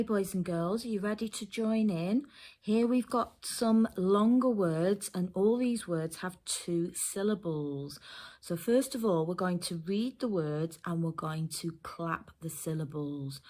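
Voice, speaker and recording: A woman teacher from England giving a phonics lesson to young children and their parents, sounding out letters slowly and carefully. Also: fairly low pitch, dark tone. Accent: English. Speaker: primary school teacher.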